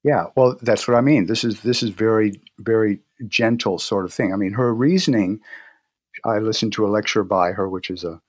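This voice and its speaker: A man with a fairly low voice talks through his experiences as an interview guest. He is easygoing and anecdotal, often restarting his sentences. The sound is close and dry, with no room echo. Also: slightly rough. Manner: relaxed storytelling, frequent restarts and pauses. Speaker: guest, herbal medicine practitioner. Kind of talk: casual interview talk.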